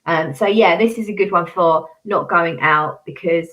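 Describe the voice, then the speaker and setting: A woman's voice: on the low side, normal speed, fairly bright tone, low-quality recording. A woman hosting a casual fragrance chat on a livestream, laughing often and reading out viewer comments. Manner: chatty and giggly, reads out viewer comments. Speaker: host of a fragrance review channel.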